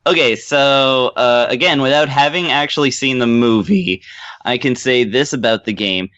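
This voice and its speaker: A man co-hosting a casual podcast, rambling through a game review with plenty of fillers and small laughs. His voice sits at a middling pitch. The sound is dry and a little dull, like a modest home setup. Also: moderate pace, fairly bright tone, no room sound. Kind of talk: casual chat.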